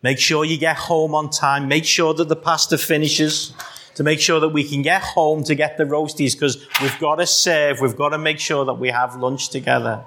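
With a slightly high, sharp voice and flat delivery at normal speed, a middle-aged Scouse man from Liverpool preaches. He throws rhetorical questions at his listeners and teases them along the way.

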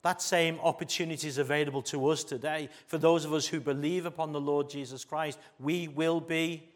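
An English pastor with a slightly raised pitch delivers a sermon to his congregation. He swings from forceful emphasis to hushed, intimate tones and keeps drawing listeners in with rhetorical questions. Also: steady tone, a little fast.

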